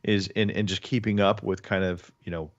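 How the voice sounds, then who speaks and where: Low-voiced man, dry lo-fi sound. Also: steady tone, moderate pace, no echo. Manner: rambling, many restarts and fillers. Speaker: podcast host. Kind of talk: casual podcast chat.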